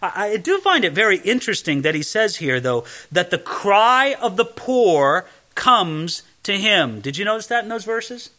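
A man's voice: sits high, sing-song, moderate pace, hardly any pauses, pushed and bright. A man teaching the Bible verse by verse in a conversational way, reading a passage and then explaining it.

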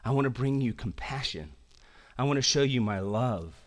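A man preaching a sermon as pastor. He swings between loud emphatic passages and quiet, intense ones, with casual slang in his asides. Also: medium pitch, expressive, moderate pace.

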